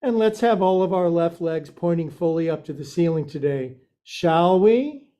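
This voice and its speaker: A man's voice: a little high, animated, normal speed, warm tone. A man teaching a yoga class, giving cues in a playful, joking way with silly sound effects.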